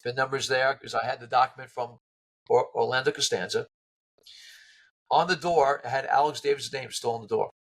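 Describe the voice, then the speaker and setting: Male interview guest, animated storyteller who voices his quotes. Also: mid-range voice, fairly quick, low-quality recording. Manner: lively, acts out quoted people in voices. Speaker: interview guest, car restorer.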